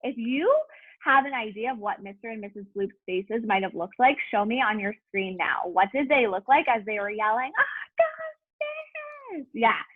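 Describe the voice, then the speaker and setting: A woman teacher reading a chapter aloud to a remote class, with warm, encouraging classroom prompts, over a video call. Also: medium pitch, normal speed, breathy edge, dry recording. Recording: tinny video-call audio.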